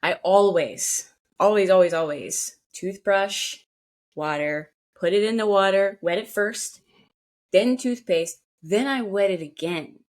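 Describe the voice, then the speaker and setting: A woman's voice: medium pitch, a little slow, a little mellow. A woman co-hosting a podcast in casual chat, bubbly and chatty, joking at her own expense. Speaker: podcast co-host.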